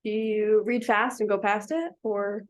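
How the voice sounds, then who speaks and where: A woman's voice: mid-range voice, steady tone, unhurried. A woman teaching a small reading group, patient and encouraging, asking the children many questions. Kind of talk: classroom instruction to children.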